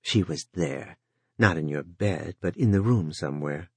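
A man's voice: deep voice, a little slow, a little mellow, breathy edge, no room sound, voice pushed down, full character voice. A man voicing a sly, coolly cruel female entity who taunts with false cheer. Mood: mocking.

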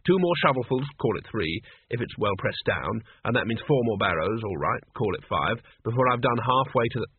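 A man's voice: medium pitch, expressive, a little fast, husky, dry recording. A man reading an audiobook, voicing a mild, polite teenage boy who answers patiently. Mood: mumbling. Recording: tinny lo-fi phone-like audio.

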